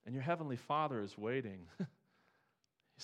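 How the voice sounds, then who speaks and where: A man preaching a sermon in a conversational way, asking the congregation rhetorical questions and building to emphatic high points. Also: lively intonation, moderate pace, long pauses, fairly bright tone. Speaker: pastor.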